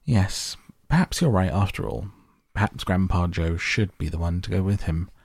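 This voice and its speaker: A man's voice: sits low, moderate pace, gravelly, darkish tone, husky, no room sound, studio quality, exaggerated voice. Man doing a fussy, kind-hearted mother. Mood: amused. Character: middle-aged mother, fussy yet kind.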